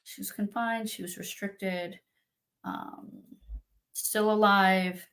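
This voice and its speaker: A middle-aged woman, a psychic medium guest, telling her story in an interview with animated quoting. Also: takes it slowly, creaky. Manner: animated, acts out quotes in a high voice.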